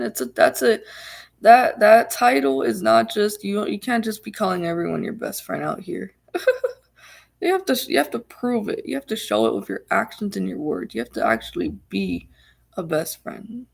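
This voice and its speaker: A woman's voice: mid-range voice, animated, normal speed, gravelly. A woman vlogger telling a personal story in a rambling, casual way, full of fillers and emphatic repeats.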